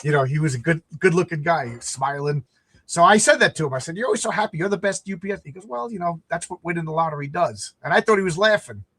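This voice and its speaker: A husky, fairly high male voice moves at a quick pace with no echo. The middle-aged podcast host keeps things casual, telling animated stories and dramatizing quotes.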